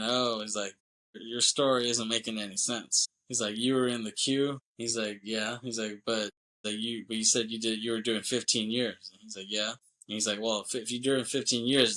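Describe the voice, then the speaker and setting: A man's voice: fairly low pitch, bright, forceful tone, low-quality recording. A young man on a podcast, casually retelling a movie plot in a rambling way and briefly voicing the characters. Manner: rambling retelling, quoting characters with quick voice shifts. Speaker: podcast co-host.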